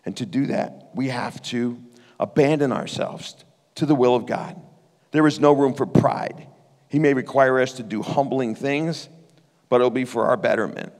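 A man's voice: mid-range voice, moderate pace, a little mellow. A man preaching a sermon and sharing a personal testimony in an earnest, conversational way that turns emotional. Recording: reverberant hall.

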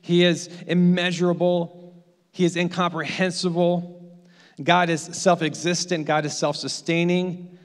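A man's voice: high voice, flat delivery, measured pace, long reverb tail. A man preaching a sermon as pastor, building his points through emphatic repetition.

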